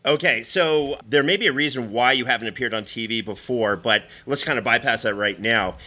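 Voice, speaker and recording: A man's voice: medium pitch, a little fast, sharp tone. A man hosting a comedy show, rambling and flustered with many fillers. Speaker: host.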